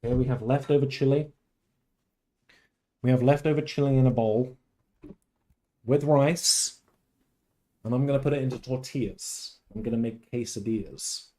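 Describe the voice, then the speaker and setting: A man hosting a casual game livestream, talking theatrically and swinging from loud outbursts to mock-tender murmurs. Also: mid-range voice, normal speed, pauses often. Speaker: livestream host. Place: at home.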